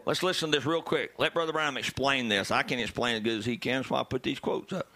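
A male preacher delivering a sermon, dropping to low murmurs and rising to shouted calls to the congregation. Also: fast. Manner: swings from low murmurs to loud shouted exhortations.

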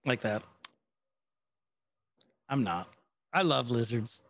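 A man's voice: mid-range voice, lively intonation, slow pace, fairly bright tone. A man co-hosting a podcast, recapping an episode in casual chat with rambling, filler-heavy storytelling. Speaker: podcast co-host.

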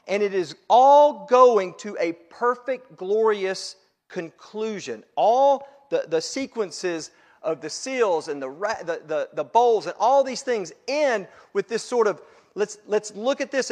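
A man preaching a sermon to his congregation, building to loud emphatic peaks and then dropping low. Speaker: pastor.

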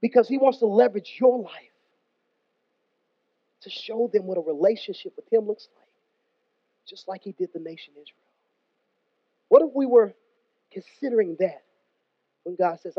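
A man's voice: high voice, expressive, moderate pace, long pauses, dry recording. A man preaching a sermon in an emphatic, conversational way with slangy asides. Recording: dull, dry close recording.

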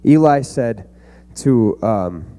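A man's voice: mid-range voice, lively intonation, very slow, dark tone. A young man giving an earnest, conversational youth sermon to a room of kids. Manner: earnest, conversational preaching with fillers. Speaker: youth pastor.

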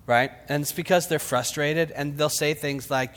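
A man preaching a sermon, dramatic, swinging from shouts to whispers. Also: fairly high pitch, steady tone, unhurried. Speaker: pastor. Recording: long hall reverb.

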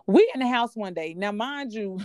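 A woman co-hosting a podcast, telling a personal story in a candid, profane and animated way. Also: mid-range voice, moderate pace, no echo, clean studio sound. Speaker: podcast co-host. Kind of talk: casual storytelling chat.

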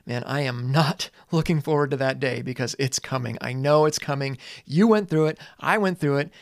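A man in his forties, a teacher and parent, talking earnestly and casually with dramatic pauses and some swearing. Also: mid-range voice, gravelly, dry recording, studio quality. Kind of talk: reflective monologue.

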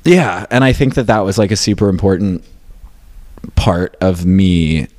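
A man's voice: low voice, a little slow, a little mellow, no room sound. A young man from rural upstate New York, chatting casually as a guest, rambling with many fillers and restarts. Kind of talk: casual chat.

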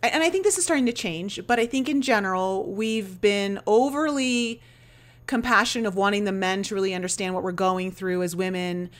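Chatty, animated woman podcast host. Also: medium pitch, fairly quick. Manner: animated, chatty, frequent "like" and "you know". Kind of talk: casual interview chat.

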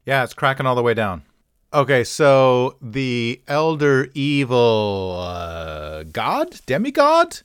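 This is a man running a casual pronunciation walkthrough, tossing in dry jokes at his own expense. His voice leaps around in pitch as he explains. The recording is dry and close, with no room sound. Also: very animated, takes it slowly, a bit bright, clear, resonant tone, dry recording. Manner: wry, offhand asides and self-mockery. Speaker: host of a pronunciation channel. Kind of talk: casual talk-through with jokes.

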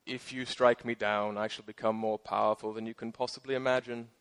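A man putting on a grave, slow British voice to play a wise old space knight from a film. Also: on the low side, flat delivery, fairly bright tone. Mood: solemn.

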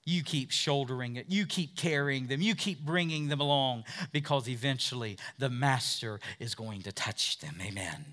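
A man preaching a sermon as pastor, moving from hushed, low passages to loud, emphatic ones and voicing doubters in quotes. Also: normal speed, few pauses. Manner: acts out doubters' voices in quotes.

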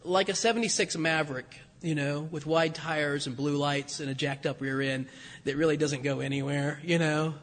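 A male priest giving a homily in a relaxed, conversational storytelling way, often restarting his sentences. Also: a little high, moderate pace, in a large hall.

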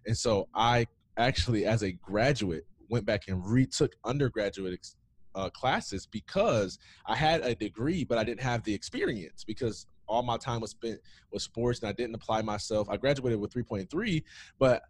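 His voice is fairly low, with lively intonation and a normal speed. As an interview guest, this thirtysomething ex-athlete and founder tells his story in a relaxed way, leaning heavily on fillers like "um" and "man."

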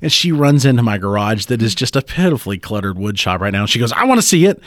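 A man co-hosting a podcast, chatting casually and telling animated stories with frequent laughter. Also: lowish voice, fast, no echo, studio quality. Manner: animated storyteller, laughs often. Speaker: podcast co-host. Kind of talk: casual chat.

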